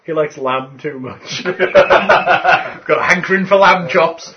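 A man's voice: on the high side, slow pace, highs cut off, a crowd in the background. A man running a tabletop game as game master, joking and teasing his players and laughing often. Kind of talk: casual tabletop game chat.

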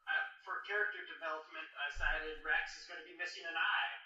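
A man's voice: fairly high pitch, fairly even intonation, quick pace, bright, forceful tone, far from the mic, lo-fi sound. A man playing in a tabletop game, talking in an amused, hesitant way. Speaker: player. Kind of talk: casual chat at a game table. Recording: echoey room, off-mic.

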